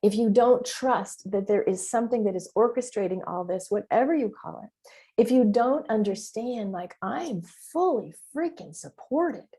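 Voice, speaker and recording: Mellow-voiced woman hosting a podcast. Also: on the high side, normal speed. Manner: emphatic, animated, frequent mild swearing; acts out her inner voice in quoted asides. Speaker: podcast host and business mentor. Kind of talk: casual solo podcast talk.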